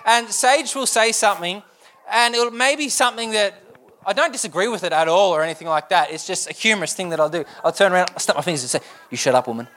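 A young man preaches a sermon, his voice pitched high and bright. He presses his point with one earnest rhetorical question after another. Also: quick pace. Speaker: pastor.

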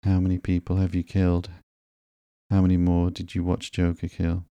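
Sullen teenage vigilante boy, read by a man, defensive and slow, in a low, flat drawl. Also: clean tone, no room sound. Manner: defensive, angry. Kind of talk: slow sleepy comic reading.

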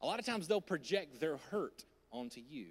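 Male pastor, high and animated, preaching on a handheld mic in a reverberant church hall. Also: moderate pace, husky. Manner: animated preaching, swings from loud to hushed. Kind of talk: sermon. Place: church auditorium. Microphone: handheld microphone.

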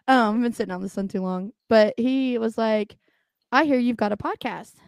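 A young woman with a fairly high voice, talking bluntly and swearing freely as she co-hosts a casual podcast. She laughs often between stories. The sound is dry and close. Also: moderate pace, gravelly, darkish tone, clean tone, dry recording. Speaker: podcast co-host.

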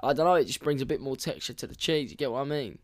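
A man's voice: mid-range voice, lively intonation, very fast, darkish tone. A young man in a casual, playful chat, swearing and laughing often.

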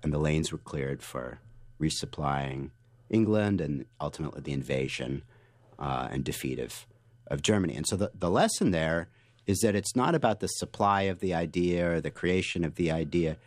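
A man being interviewed as a guest author, telling stories with lively energy and frequent restarts. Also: a bass voice, normal speed, no room sound. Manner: animated storyteller, restarts often. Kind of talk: interview answers.

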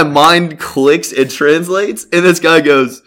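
A man's voice: a little high, fairly even intonation, takes it slowly, fairly bright tone. A young man casually telling a long, profane story on a podcast, packed with "like" fillers and laughing as he goes. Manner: rambling, profane, many "like" fillers.

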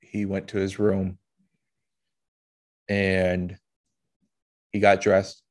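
A man hosting a podcast, telling a personal story in an emotional, halting way with blunt swearing. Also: deep voice, completely flat delivery. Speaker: podcast host.

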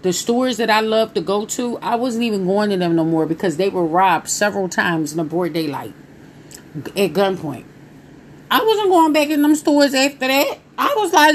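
A woman in her thirties telling viewers a personal story in a casual, animated way, talking straight to them. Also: high-pitched.

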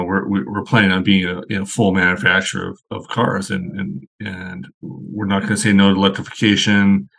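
A man's voice: low-pitched, fairly bright tone. A man, a guest on a podcast, chatting casually and telling long, rambling anecdotes.

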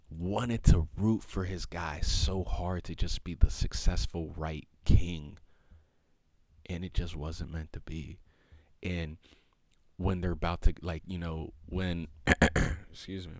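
Low and darkish, his voice comes through a dry recording. He's a podcast host going it alone, musing casually and reflectively while stumbling through plenty of fillers and false starts.

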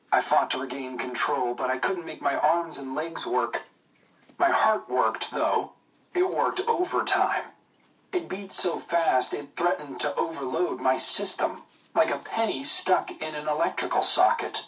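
A man narrating a story in a steady, measured reading. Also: mid-range voice, distant mic, rough recording. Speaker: audiobook narrator. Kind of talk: scripted narration.

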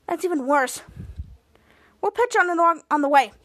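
Her voice is very high and her pace normal as she hosts a podcast and casually walks through a TV episode. She brings the characters' lines to life in animated voices.

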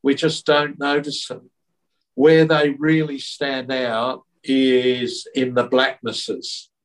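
A man giving an interview in an earnest, reflective tone, often restarting his sentences. His pitch is mid-range. The recording catches him from a little distance. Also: level tone, slow. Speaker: interview guest. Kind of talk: reflective conversational storytelling.

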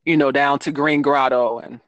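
A woman children's book author, a guest in a casual interview, speaks with a bass voice in a steady tone at a moderate pace. She rambles with frequent ums and self-corrections, and the recording has its highs cut off.

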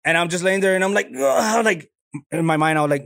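A man's voice: a little high, fairly quick, creaky, a bit bright, no echo, clean studio sound. A man from Laredo, Texas, casually telling a story on a podcast, swearing freely and acting out voices. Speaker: podcast guest, comedian.

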